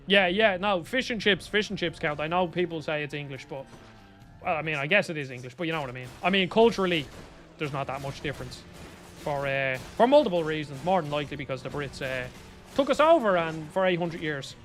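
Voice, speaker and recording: A man's voice: fairly high pitch, animated, brisk, a bit bright, soft background music. A young Irish man chatting casually on a live stream, rambling as he answers viewers by name. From Ireland. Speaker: streamer reading chat.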